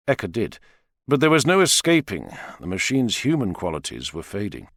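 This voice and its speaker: A man narrating an audiobook in an expressive, dramatic style. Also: lowish voice, moderate pace, dry recording, clean studio sound. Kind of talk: scripted narration.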